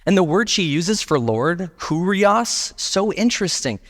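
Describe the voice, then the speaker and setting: A man's voice: high voice, very animated, measured pace, a bit bright, big-room sound. A male pastor preaching a sermon in a casual, emphatic way, often saying "like". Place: church sanctuary.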